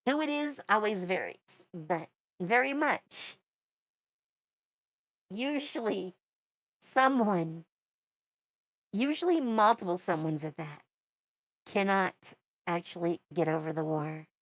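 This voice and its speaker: A woman's voice: medium pitch, animated, slow pace, pauses often, fairly bright tone, dry recording. A woman in her forties giving casual reaction commentary as a VTuber, with wry, rambling asides.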